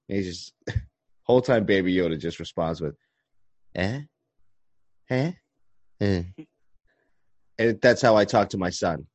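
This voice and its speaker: A man's voice: low voice, a little mellow, dry recording, muffled recording. A man in his thirties hosting a casual podcast, rambling in a laid-back way and chuckling as he talks. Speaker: podcast host. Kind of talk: casual chat.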